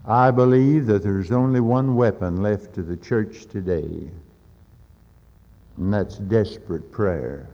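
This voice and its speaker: A man preaches with fervent urgency, climbing to loud, pleading peaks and then dropping into dry, folksy asides. His voice comes through an old, dull-sounding recording. A long reverb from a large hall trails after each phrase. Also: on the low side, takes it slowly. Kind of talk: sermon.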